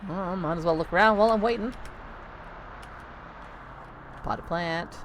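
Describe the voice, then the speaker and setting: A woman's voice: fairly low pitch, unhurried, a little hiss or hum. A woman streaming a horror game live, joking and reading the dialogue aloud in a playful way. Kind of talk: casual live gameplay commentary.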